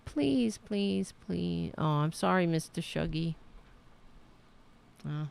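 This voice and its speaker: A woman hosting a casual home livestream, talking slowly with a gravelly, lowish voice. She is sardonic and loose, swearing freely and rambling from one remark to the next. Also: animated, darkish tone. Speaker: show host.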